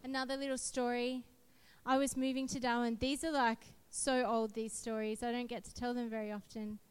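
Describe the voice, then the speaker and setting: A woman's voice: on the high side, flat delivery, fairly quick, a little mellow, clean tone. A woman, preaching a sermon and telling a personal testimony in an earnest, emphatic way.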